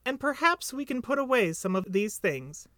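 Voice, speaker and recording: A man voicing a timid, eager little male piglet in a storybook reading, high and squeaky. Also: very animated, moderate pace, bright, forceful tone, dry recording, studio quality, exaggerated voice. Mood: excited.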